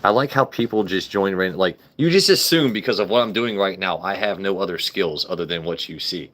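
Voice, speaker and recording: A man's voice: sits low, a little fast, a bit bright. A young man hosting a casual phone live stream, joking, swearing and talking back to his viewers' comments. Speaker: livestream host. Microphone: phone camera.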